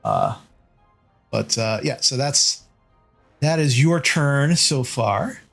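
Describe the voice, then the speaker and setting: A man's voice: mid-range voice, huge pitch swings, slow pace, creaky, a bit bright, soft background music. A man narrating as game master in a casual tabletop game, describing the action loosely with many fillers.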